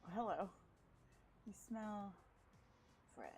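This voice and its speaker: A woman voicing a smug, theatrical male vampire who speaks slowly and emphatically like a preacher. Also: mid-range voice, a little mellow, faint music behind, poor audio. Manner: slow emphatic preacher-like delivery.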